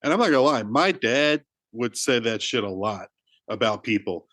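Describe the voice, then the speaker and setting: A man's voice: mid-range voice, expressive, moderate pace, fairly bright tone, dry recording. A man co-hosting a film podcast, telling stories in a loose, rambling way, full of "like" and restarts. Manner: chatty storyteller, many "like"s and restarts. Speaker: podcast co-host. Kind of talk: casual film discussion.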